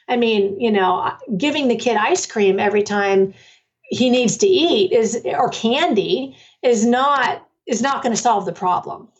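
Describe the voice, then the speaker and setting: Speaking at a measured pace in a fairly high voice, the author and parenting workshop leader, a middle-aged woman, wanders through her story in a conversational interview with lots of fillers and restarts. The mic is distant and the sound muffled.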